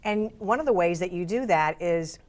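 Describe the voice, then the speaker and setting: A woman's voice: lowish voice, animated, moderate pace, darkish tone. A woman hosting a local interview show, asking conversational, encouraging questions. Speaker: show host.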